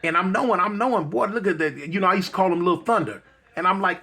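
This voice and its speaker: A middle-aged man telling a personal story in a halting, moved way, repeating words and leaning on fillers. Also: high voice, creaky, breathy edge. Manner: soft-spoken and moved. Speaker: guest telling his life story.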